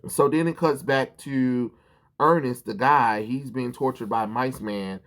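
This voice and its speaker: A man's voice: medium pitch, unhurried, a bit bright. A man recapping a comic book in a casual vlog, rambling, swearing and full of ums and restarts.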